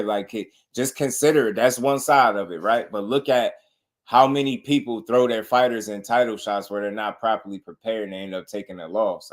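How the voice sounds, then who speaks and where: Laid-back man breaking down boxing. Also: fairly low pitch. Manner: laid-back, repeats "you know what I mean". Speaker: boxing show host. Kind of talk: casual commentary on clips.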